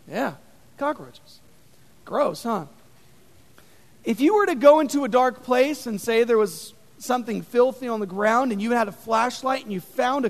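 A man with a strikingly high voice preaches a sermon, animated and chatty, full of fillers as he tells his stories. His words carry a long, ringing reverb, as in a big hall. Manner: animated, conversational storytelling with many fillers. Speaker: pastor.

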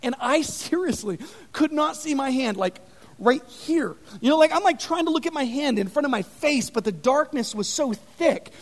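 A man with a strikingly high voice preaches a sermon, animated and chatty, full of fillers as he tells his stories. His words carry a long, ringing reverb, as in a big hall. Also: normal speed. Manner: animated, conversational storytelling with many fillers. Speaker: pastor.

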